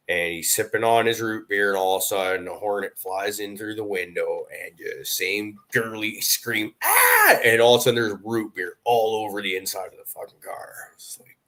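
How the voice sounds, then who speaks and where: Lower-voiced man with a bright, forceful edge, animated storyteller in casual talk. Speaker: podcast panelist. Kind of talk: casual chat.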